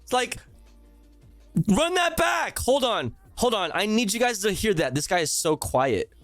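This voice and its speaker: A man's voice: sits high, wildly swooping pitch, unhurried, a bit bright, no echo, faint music behind. A male streamer ranting sarcastically and with heavy profanity while reacting live to a news clip.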